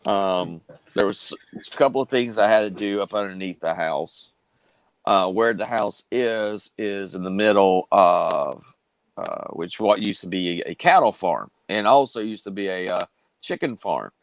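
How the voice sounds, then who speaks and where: A low-pitched man with a drawl spins a rambling tale on a live stream, stopping and starting as he goes. His voice is recorded close and dry, with no room sound. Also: animated, unhurried, no echo, rough recording. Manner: drawling, rambling with many fillers and restarts. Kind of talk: casual storytelling on a live stream.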